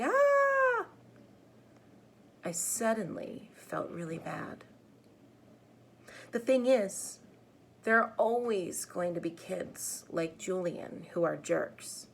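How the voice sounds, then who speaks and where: A woman teacher reading a novel aloud to students, then gently explaining it. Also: medium pitch, creaky, slight background noise. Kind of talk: read-aloud narration to students.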